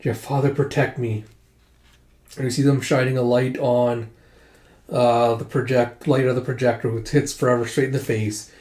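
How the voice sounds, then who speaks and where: A man's voice: medium pitch, level tone, moderate pace, darkish tone. A man casually narrating a comic book readthrough, swearing and describing panels. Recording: echoey room.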